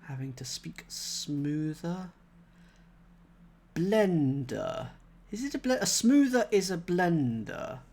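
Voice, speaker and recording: A man's voice: on the high side, big pitch swings, takes it slowly, darkish tone. A man thinking aloud as he solves a cryptic crossword live, chatting with viewers and laughing at himself. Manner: chatty, reads chat aloud, self-mocking laughs.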